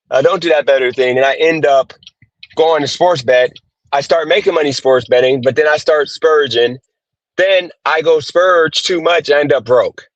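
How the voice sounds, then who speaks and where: A gig worker livestreams from his car in a frustrated rant, cursing and repeating himself. His voice is fairly high, and the phone audio sounds dull and dry with no room sound.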